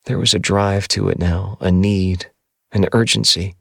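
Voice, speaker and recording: A man reading a first-person novel aloud in a measured, somber audiobook narration. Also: low voice, steady tone, gravelly, fairly bright tone, breathy edge, no echo, clean studio sound.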